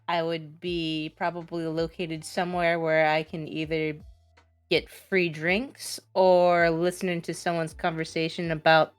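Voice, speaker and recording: A woman with a smooth, slightly low voice hesitantly describes her tabletop character. She talks slowly, and faint music plays underneath. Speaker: player.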